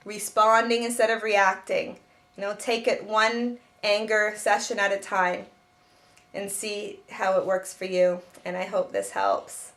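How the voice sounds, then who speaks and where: A woman's voice: mid-range voice, fairly bright tone. A woman who teaches self-help and writes children's books, giving spoken advice in an earnest way with many restarts.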